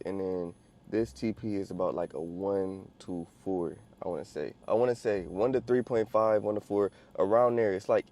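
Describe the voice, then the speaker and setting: A man's voice: lowish voice, mellow. A man in his twenties vlogging casually about his day trades, slangy and easygoing, calling viewers bro. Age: 20s. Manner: laid-back slang-heavy talk, calls viewers bro. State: a little out of breath. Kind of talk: casual vlog with market updates.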